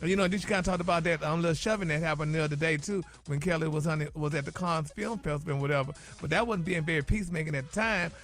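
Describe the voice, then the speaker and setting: A man's voice: on the high side, rapid-fire, few pauses, a bit bright, faint music behind. A man delivering celebrity gossip on morning radio in a sassy, chatty way, tossing in "honey" and "y'all" all the time.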